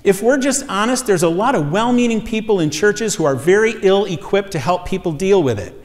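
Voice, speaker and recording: Male pastor, fairly high voice, earnest sermon storyteller, long church reverb. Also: animated, a little fast. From USA. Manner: earnest storytelling, voice rising with emphasis. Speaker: pastor teaching a series. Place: church sanctuary.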